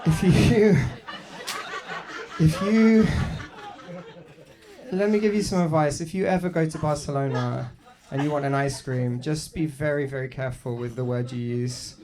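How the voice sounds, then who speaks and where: A man's voice: medium pitch, fairly quick, few pauses, crowd noise. A British man doing a stand-up comedy set in a club, self-deprecating and rambling, full of restarts and "like". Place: comedy club stage with a live audience.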